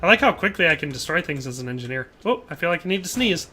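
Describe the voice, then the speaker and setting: A man's voice: on the high side, very animated, fast talker, pushed and bright, a little hiss or hum. A young man streaming a shooter game, chatting casually, reading chat aloud and laughing often. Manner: chatty, laughs often, trails off mid-sentence. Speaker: livestreamer. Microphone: headset.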